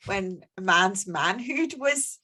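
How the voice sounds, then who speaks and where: A woman's voice: medium pitch, animated, drawn-out words, pushed and bright. A woman co-hosting a podcast, chatting bluntly, swearing casually and laughing easily. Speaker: podcast co-host.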